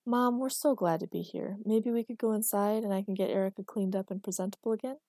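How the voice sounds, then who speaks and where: Woman doing a wry patient grown son, gentle teasing, warm dry read. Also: medium pitch, steady tone, quick pace, no echo, natural voice.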